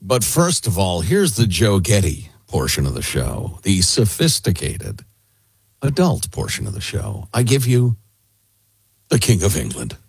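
Man, radio co-host, wry banter, husky, dry close mic. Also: fairly low pitch, wildly swooping pitch, measured pace, darkish tone, dry recording. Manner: wry, joking, mock-pompous. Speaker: radio talk show co-host.

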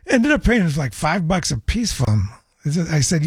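Male radio host, hoarse scratchy voice, slightly high pitch, dry studio sound, rambling chatty stories. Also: huge pitch swings, slow, darkish tone, no room sound. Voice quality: raspy. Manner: rambling anecdotal storytelling with restarts. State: hoarse, scratchy voice after a cold. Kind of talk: casual call-in radio chat. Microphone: studio microphone.

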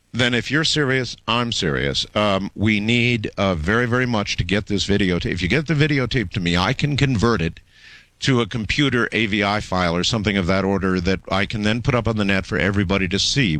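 Male radio host, lowish voice, bone-dry studio sound, cuts in often with stuttered restarts. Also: brisk, fairly bright tone, no room sound. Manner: interrupting, emphatic, stammering restarts. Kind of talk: late-night call-in radio talk.

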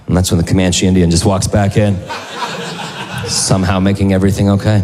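A man's voice: sits low, level tone, fast, crowd noise. Man, stand-up comedian, conversational, echoing hall. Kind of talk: stand-up routine. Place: comedy club stage. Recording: hall reverb.

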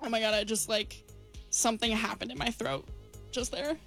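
A woman's voice: on the high side, fairly even intonation, normal speed, creaky, fairly bright tone, soft background music. A woman co-hosting a college radio show, chatting in a bubbly, playful, rambling way from the studio. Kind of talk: casual on-air radio chat.

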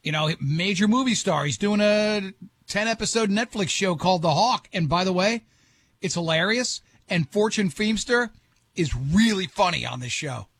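A man's voice: high voice, lively intonation, normal speed, fairly bright tone, husky, no echo. A man hosting morning radio, chatting loosely and joking with his co-hosts. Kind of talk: casual on-air banter.

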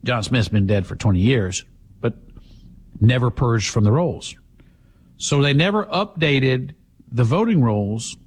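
A man's voice: medium pitch, slightly rough. A man hosting a talk show, giving sarcastic, emphatic opinion commentary.

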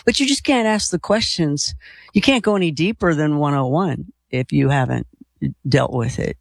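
A man's voice: fairly high pitch, lively intonation, moderate pace, creaky, no room sound, studio quality. A man hosting a call-in radio talk show, chatty and affirming, laughing easily. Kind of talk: casual radio interview.

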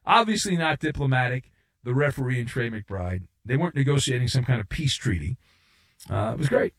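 A middle-aged man hosting a sports talk radio show, delivering a sarcastic, opinionated monologue and mocking outrage with put-on voices. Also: mid-range voice.

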